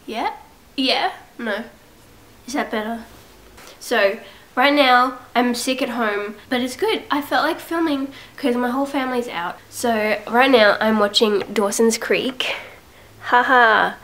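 A woman's voice: on the high side, unhurried, a bit bright, poor audio. A young woman with a cold, sounding congested, chatting casually to her camera at home in a rambling, self-mocking way. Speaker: vlogger. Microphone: camera set up at home.

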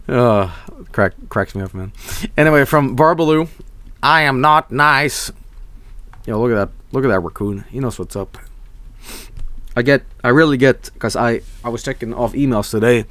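A man's voice: medium pitch, lively intonation, moderate pace, dry recording. A young man streaming, chatting casually and reading viewer messages, rambling and swearing, often breaking into laughs.

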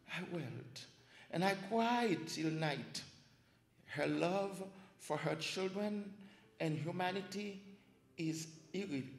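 Slow earnest man reading poetry. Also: fairly high pitch. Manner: slow, earnest recitation with pauses. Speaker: poetry reader. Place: library event room. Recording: echoey hall, reverberant.

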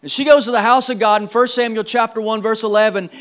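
A male pastor preaching a sermon in a church service, emphatic, repeating words and swinging between quiet and loud. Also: sits high, fairly even intonation, fast talker, few pauses.

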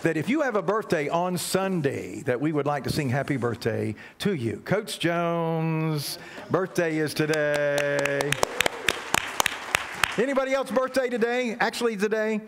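A man's voice: on the high side, lively intonation, unhurried, creaky, crowd noise, noisy background. A man leading a church service as guest pastor, telling a playful children's story and leading the congregation. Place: church sanctuary.

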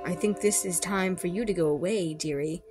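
A woman voicing a sinister, ancient old female doll maker who speaks slowly and menacingly through clenched teeth. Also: medium pitch, very animated, over music. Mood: quietly sinister.

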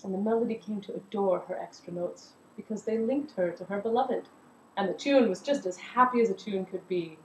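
Expressive woman storyteller, roomy echo. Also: mid-range voice, fairly quick, a little hiss or hum. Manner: expressive, animated narration. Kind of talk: storytelling performance.

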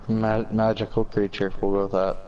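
Low mellow young man teasing his friends. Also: little pitch movement, moderate pace, dull audio, a little hiss or hum. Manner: wry, teasing, chuckling. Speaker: gamer. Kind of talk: casual multiplayer gaming banter.

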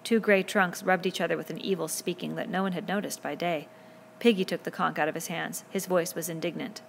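A woman narrating a novel aloud in a steady, measured reading voice. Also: lowish voice, gravelly, a little hiss or hum. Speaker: audiobook reader.

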